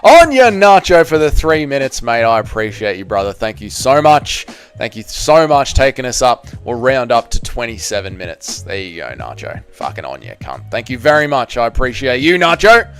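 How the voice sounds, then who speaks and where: A man's voice: mid-range voice, sing-song, normal speed, faint music behind. An Australian man hosting a casual live stream, rambling, joking and swearing freely while reading chat. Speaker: livestream host reading chat.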